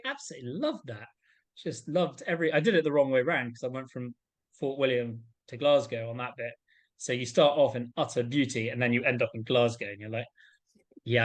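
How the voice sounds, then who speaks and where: A man being interviewed, telling his adventure stories in a casual, animated way and acting out the voices of people he met. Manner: animated, acts out quoted voices with big pitch jumps. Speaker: interview guest, endurance adventurer.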